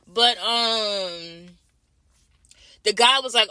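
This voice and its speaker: A woman's voice: a little high, sing-song, fairly quick, bright, forceful tone, no echo. A woman from Jamaica in a casual vlog, ranting bluntly and profanely, repeating her points over and over. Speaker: vlogger.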